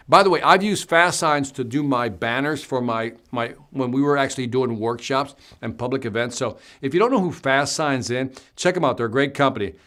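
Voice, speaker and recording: A man's voice: mid-range voice, a bit bright. A man hosting a live stream, reading viewer comments aloud and answering them in a chatty, upbeat way.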